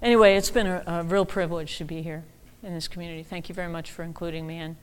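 Female guest preacher, chatty sermon delivery with lively high emphasis; reverberant hall sound. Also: quick pace, slight background noise. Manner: animated, conversational, rises high for emphasis. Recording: long reverb of a large hall.

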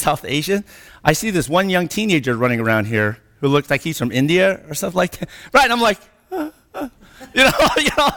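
A man's voice: sits high, bright, forceful tone. A middle-aged man giving an anecdotal lecture-style talk, often checking in with "okay?" and "right?" and laughing through his stories. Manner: laughs while telling stories. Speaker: presenter. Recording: reverberant hall sound.

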